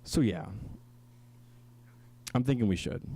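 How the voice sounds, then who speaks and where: Young male radio host, low-ish voice, mock-boastful and jokey, student station studio. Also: animated, slow, gravelly, dark tone, husky. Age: young adult. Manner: mock-boastful, playful, slips into silly voices. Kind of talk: comedic radio talk show hosting.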